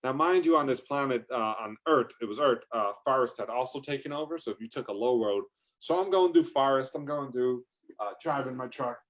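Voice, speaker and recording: A man's voice: mid-range voice, a little fast. A man improvising a rambling comic story, talking in a loose, profane way with sudden exaggerated outbursts. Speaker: comedic storyteller.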